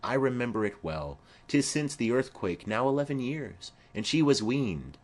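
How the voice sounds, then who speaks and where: A man's voice: medium pitch, very animated, normal speed. A man reading a play aloud, voicing a garrulous, rambling old nurse who fondly chatters on.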